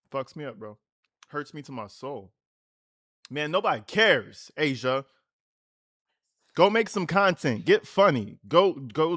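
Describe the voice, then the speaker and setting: A man's voice: on the high side, a bit bright, no echo, studio quality. A man hosting a livestream, reacting to a clip with profane, slangy, mocking rants. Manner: slangy, casual. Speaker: livestream host.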